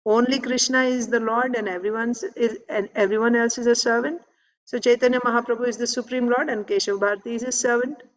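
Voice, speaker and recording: A woman teaching a scripture class who retells a devotional story in a conversational way, with frequent "right?" asides and soft laughs. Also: fairly high pitch.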